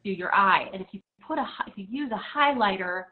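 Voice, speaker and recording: A woman's voice: mid-range voice, animated, brisk, phone-quality sound. A woman teaching a makeup lesson, coaching step by step in an encouraging, hands-on way with casual filler words. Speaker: makeup instructor. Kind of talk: instructional makeup tutorial.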